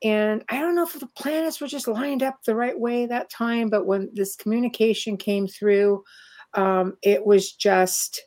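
A woman's voice: medium pitch, fairly even intonation, unhurried, darkish tone. A middle-aged Canadian woman hosting a casual chat over a video call, talking freely and laughing often. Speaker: host.

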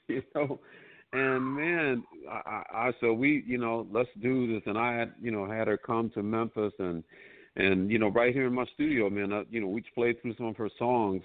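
A male musician guest telling stories in an interview, animated, peppering his talk with "man" and "you know.". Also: medium pitch. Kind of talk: storytelling interview. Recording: tinny phone-like line.

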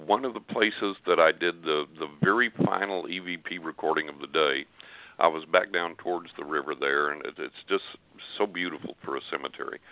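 Give me an older man with a deep voice, rambling through a story over a dry, phone-quality line. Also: dry recording. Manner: earnest, rambling, with frequent restarts and fillers. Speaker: radio guest psychic. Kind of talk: casual storytelling on a call-in show.

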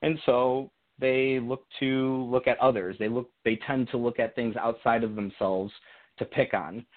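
A young man speaks over a thin, tinny phone line into a radio show, his pitch sitting in an ordinary middle range. He talks in a reflective, earnest way, stumbling and restarting as he works through his thoughts. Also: steady tone, a little slow. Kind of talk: casual conversational storytelling.

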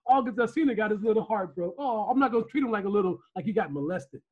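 A man with a high, husky voice that swings up and down as he teases and curses. He riffs loudly on a casual podcast, laughing at his own jokes. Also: animated, fast talker, narrow, tinny audio. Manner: loud, profane, mocking, laughing. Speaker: podcast co-host.

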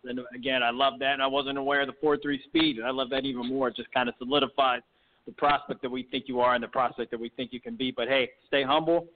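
A man hosting a sports interview, rushing through his enthusiastic, rambling questions at a fast clip. His voice comes through a thin, tinny phone line. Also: mid-range voice. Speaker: podcast host.

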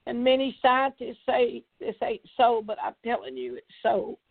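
A woman's voice: a little high, level tone, normal speed, no echo. An older woman evangelist, recounting a vision and pleading earnestly with listeners. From Tennessee, USA. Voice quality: gravelly, husky. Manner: fervent, repetitive, earnest pleading. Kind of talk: preaching testimony. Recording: tinny phone-like line.

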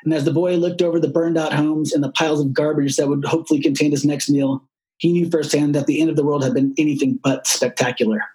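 A man narrating an audiobook in a steady, measured storytelling voice. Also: fairly high pitch, rough recording.

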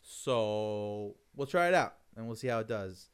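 A man co-hosting a casual podcast about fighting games, talking in a relaxed, hesitant way. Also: lowish voice, a little slow, clear, resonant tone. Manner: relaxed, hesitant, many fillers and restarts. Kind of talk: casual gaming chat.

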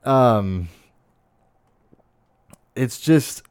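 Young male streamer, casual profane rant, mid-pitched, dry close-miked sound. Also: lively intonation, moderate pace, darkish tone, no room sound. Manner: profane, exasperated ranting with constant fillers. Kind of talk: casual ranting monologue. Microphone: close desk mic.

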